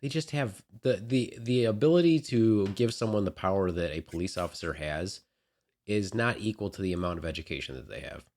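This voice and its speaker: A man with a very low voice rants bluntly on a casual podcast. He is opinionated and swears freely, and his talk rises and falls in bursts. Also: fairly quick, a little mellow. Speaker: podcast co-host.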